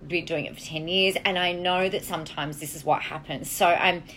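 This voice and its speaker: A candid Australian woman talks through a casual solo podcast episode from a hotel, blunt and unfiltered, swearing freely. Her voice sits a little lower than most women's, with a faint hum of room ambience behind her. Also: steady tone, normal speed, fairly bright tone. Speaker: podcast host, marketing coach.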